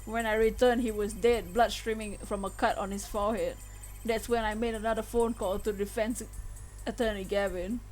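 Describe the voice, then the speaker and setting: A woman voicing a calm older male defendant from a game, recounting events in a measured way. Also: medium pitch, soft background music, lightly acted.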